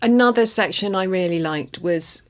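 A woman's voice: mid-range voice, moderate pace. A woman in a casual book discussion, chatty and hedging, with lots of "like.".

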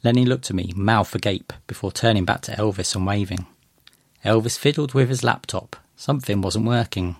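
A man reading a first-person short story aloud in a gentle, measured way. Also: fairly low pitch, no echo, studio quality. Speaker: narrator.

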